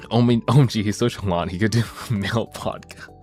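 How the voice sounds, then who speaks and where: A man chatting casually on a stream, jokey and animated, his voice swinging from mumbles to high excited bursts. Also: fast, soft background music.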